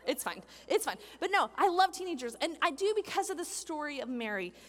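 A woman giving a sermon as a pastor, animated, acting out the people in the story she tells. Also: high-pitched, brisk, big-room sound. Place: church hall with a congregation.

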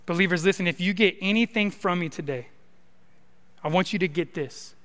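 Young male preacher, smooth and high, in a reverberant church hall. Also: fairly quick, a bit bright. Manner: casual, joking preaching with many likes and rights. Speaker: college minister. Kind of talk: sermon. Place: church sanctuary.

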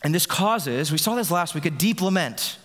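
A man's voice: fairly high pitch, animated, normal speed, a bit bright. A man preaching a sermon as a pastor, in a conversational way with frequent restarts. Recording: long reverb of a large hall.

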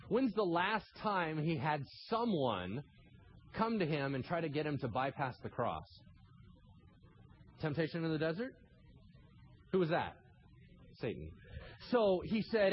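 A man preaching a sermon as pastor, animated, acting out scenes with sudden shouted asides. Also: fairly high pitch, dull audio, a little hiss or hum.

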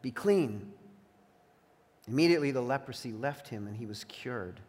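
A male pastor preaching in a church, reading scripture aloud with slow, emphatic pauses. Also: medium pitch. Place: church sanctuary. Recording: long reverb in a church hall.

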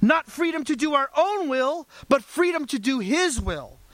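A man preaching a sermon in a lively, conversational way, moving between scripture and personal story. His voice sits high for a man and rises and falls with emphasis. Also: normal speed. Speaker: pastor.

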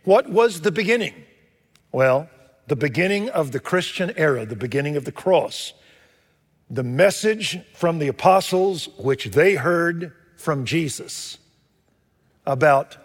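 A man preaching a sermon as pastor, swinging between loud emphatic lines and hushed storytelling. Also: a little high, lively intonation, measured pace. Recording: long hall reverb.

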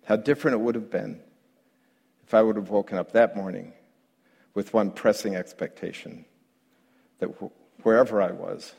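A middle-aged man, a pastor, telling a story in a sermon with lively delivery that climbs and grows louder when he relives his own panic. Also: on the low side, normal speed, vocal fry, pauses often, slightly rough. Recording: long hall reverb.

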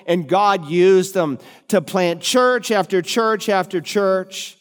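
A middle-aged male pastor preaching a sermon with emphatic rises on key words and deliberate slowing. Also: high voice, steady tone, clean tone. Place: church sanctuary. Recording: long hall reverb.

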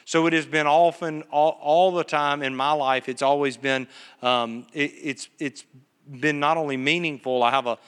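A man's voice: fairly high pitch, steady tone, normal speed, fairly bright tone, clean tone, in a large hall. A man preaching a sermon live in church, telling stories and asking his congregation questions. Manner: earnest storytelling preacher, asks the congregation questions. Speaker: pastor. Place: church sanctuary, live service. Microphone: PA microphone.

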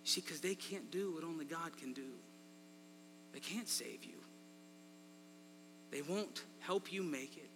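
A man preaching a sermon, swinging between loud emphasis and quiet asides. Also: fairly high pitch, unhurried, long pauses. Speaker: pastor. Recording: long reverb in a large hall, faint mains hum.

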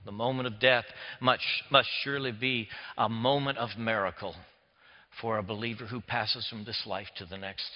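A man, preaching a sermon as a pastor, swinging between hushed near-whispers and loud emphatic passages. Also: lowish voice, steady tone, normal speed. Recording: echoey hall, dull lo-fi sound.

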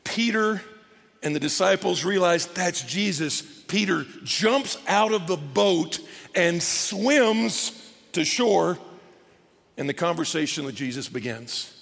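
Male pastor, high gravelly voice, animated sermon delivery, long hall reverb. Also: takes it slowly. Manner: animated, acts out scripture scenes in character voices.

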